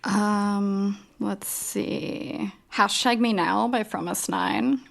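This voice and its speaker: Gravelly-voiced woman podcast co-host. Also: medium pitch, fairly even intonation. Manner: unhurried, hesitant, lots of ums. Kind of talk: casual chat.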